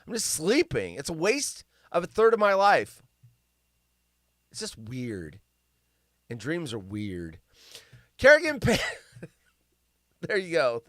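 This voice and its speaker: A man's voice: on the high side, huge pitch swings, takes it slowly, long pauses, a bit bright, no echo, clean studio sound. A man hosting a live stream, reading news stories aloud and ranting about them in a rambling, sarcastic way that keeps going off on tangents. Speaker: livestream host.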